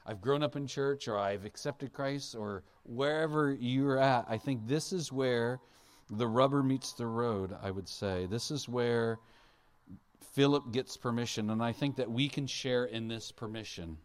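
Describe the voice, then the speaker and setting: A pastor speaks a little slowly at medium pitch, preaching in a conversational way. Along the way he quizzes his listeners and brings Bible figures to life with playful voices.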